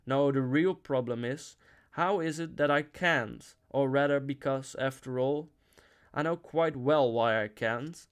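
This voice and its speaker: A discontented young man who speaks with brooding insistence, as a male reader puts him on. The tone is earnest and a little louder than the narration, close to the reader's own voice. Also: mid-range voice, measured pace, clean tone, lightly acted.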